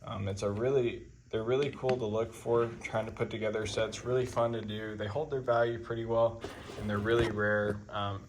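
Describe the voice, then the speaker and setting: A man with a fairly low voice that stays flat and even. He talks casually and rambles as a hobby video host, filling pauses with ums and uhs. A faint noise sits under the recording. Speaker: coin collecting channel host. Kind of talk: casual talk to camera.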